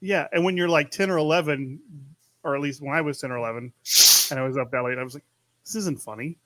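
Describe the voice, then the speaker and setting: A man's voice: on the high side, steady tone, fast talker, a bit bright, no room sound. A man co-hosting a casual chat podcast, talking things over in a reflective way. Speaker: podcast co-host.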